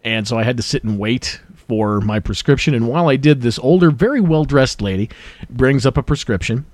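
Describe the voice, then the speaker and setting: A man's voice: mid-range voice, animated, fairly quick, a little mellow, no room sound. A man hosting a casual podcast chat, a jokey storyteller who reads things aloud with mock drama. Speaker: podcast host.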